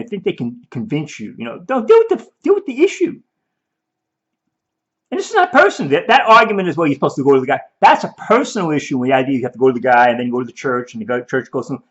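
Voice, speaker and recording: Animated man, emphatic rambling commentary. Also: fairly high pitch. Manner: emphatic, repeats and restarts, mock-quotes opponents. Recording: dull lo-fi audio.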